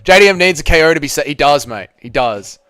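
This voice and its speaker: A young man hosting a live watch party, reacting loudly to a fight, swearing and shouting at the screen. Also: on the high side, fast talker. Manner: excitable, swears a lot, yells at the screen.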